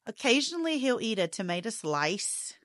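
A woman from the rural American South hosts a podcast, telling a casual story in a high-side voice at a moderate pace. She's chatty and laughing, retelling dialogue in an animated way. The recording is dry, with clean studio sound.

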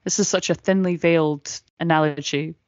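A woman's voice: sits low, steady tone, moderate pace, dry recording. A woman, a regular podcast guest, chatting casually with enthusiastic giggles. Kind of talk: casual chat watching along. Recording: dry dull lo-fi sound.

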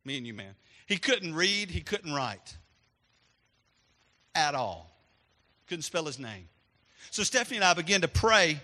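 Animated preacher in an echoey hall. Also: male voice, fairly high pitch, unhurried, pauses often. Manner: animated preacher, swings from hushed to loud. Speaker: pastor. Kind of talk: sermon with storytelling.

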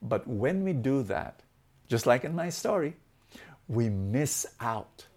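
A man giving a motivational talk, telling a fable and speaking in an animated way that shifts from loud to soft. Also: mid-range voice, slow pace.

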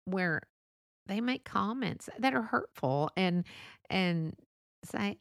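Gravelly-voiced chatty woman vlogger. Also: mid-range voice, animated, slow pace, long pauses, no echo, studio quality. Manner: chatty, laughs often, acts out quoted friends. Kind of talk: casual monologue.

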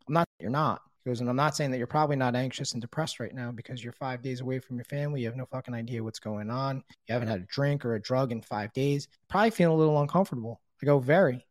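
A man's voice: mid-range voice, fast talker, dry recording. A middle-aged man candidly telling his own recovery story, swearing freely and acting out the people he quotes. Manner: candid, frequent swearing, quotes others in dialogue; grows quiet and subdued in emotional moments. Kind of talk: personal storytelling.

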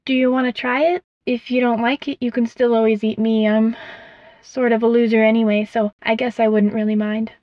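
Woman doing a squeaky timid little mouse. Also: little pitch movement, a little fast, no echo, close to an everyday voice. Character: small timid mouse, lonely, self-doubting. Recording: dull, dry recording.

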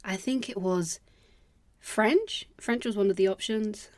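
A woman's voice: medium pitch, measured pace, no echo. Rambling self-deprecating woman, dry. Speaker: podcast host. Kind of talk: casual solo podcast monologue.

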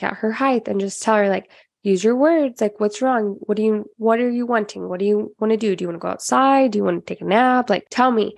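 A woman's voice: mid-range voice, vocal fry, dry recording. Young mom-type woman giving a pep talk, chatty, lots of "like", dry close mic. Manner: energetic and chatty, full of "like" fillers. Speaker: podcast host. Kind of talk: motivational self-help talk.

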